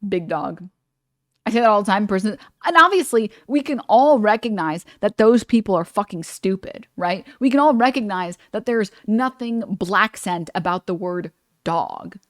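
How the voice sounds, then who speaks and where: A woman's voice: mid-range voice, moderate pace, dry recording. Woman streamer, blunt and swear-happy. Dry close sound. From New York. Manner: blunt, animated, swears freely. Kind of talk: casual reaction stream chat.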